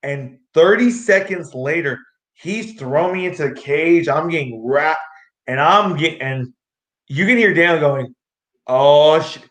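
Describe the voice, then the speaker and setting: A young man telling fight stories in a rambling, excitable way, acting out what people said, as a guest on an interview show. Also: on the high side, a little slow. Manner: excitable, rambling, acts out quotes. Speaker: guest, amateur street fighter. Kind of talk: casual storytelling interview. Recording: echoey room.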